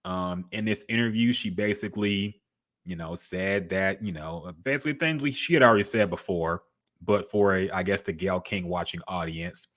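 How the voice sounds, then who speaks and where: Bright-voiced laid-back man. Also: low voice, moderate pace. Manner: laid-back, loose and profane, trails off with fillers. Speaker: podcast co-host. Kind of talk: casual podcast chat.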